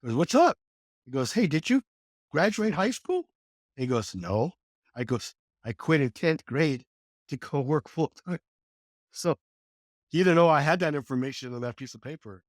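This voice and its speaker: A man in his sixties from California, a podcast guest telling his life story in a casual, animated way and acting out the quoted dialogue. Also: normal speed, no echo, clean studio sound. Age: 60s. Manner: animated, acts out quoted dialogue with lively pitch jumps. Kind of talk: conversational storytelling.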